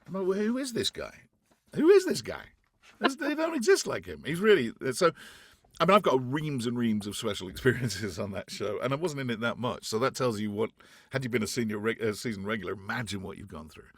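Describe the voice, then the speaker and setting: A man from France, a guest actor, telling animated stories in an interview, acting out quotes with restarts along the way. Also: mid-range voice, quick pace, slightly rough, no echo, clean studio sound. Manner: animated anecdotes, acts out quotes, frequent restarts. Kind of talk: casual interview storytelling.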